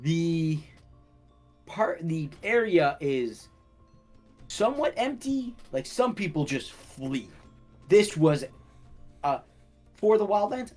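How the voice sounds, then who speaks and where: Slow, lively-voiced young male game master. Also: on the high side, faint music behind. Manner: slow, animated storytelling with laughter. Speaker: dungeon master. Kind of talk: narrating a tabletop game.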